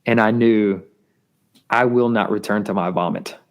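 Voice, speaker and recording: A man earnestly telling a personal testimony in an interview, halting and repeating words, his voice rising as he gets intense. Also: on the low side, clean tone. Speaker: guest sharing testimony.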